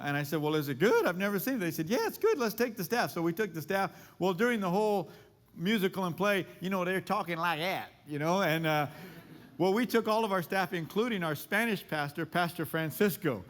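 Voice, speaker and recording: A man's voice: high voice, a bit bright, long reverb tail. A man leading a church class, joking about his own playing and singing the books of the Bible along with a guitar. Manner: jokey, self-deprecating, sings along on guitar. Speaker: pastor.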